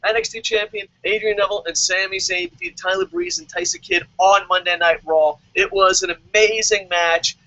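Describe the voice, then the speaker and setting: A man's voice: high voice, sharp tone, dry recording, highs cut off. A man giving a profane, sarcastic rant while reviewing wrestling shows as a vlogger. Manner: swears constantly, sarcastic.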